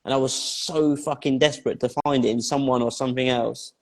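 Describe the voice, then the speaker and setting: A man's voice: medium pitch, fairly even intonation, fairly quick. A man tells his own life story as an interview guest, talking bluntly, swearing often and repeating phrases for emphasis. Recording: long hall reverb.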